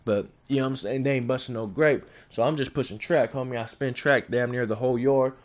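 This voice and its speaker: A man's voice: mid-range voice, a little fast. Man in his 20s from California, casual street storyteller, loose and laughing. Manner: streetwise slang, laughs often, animated retelling.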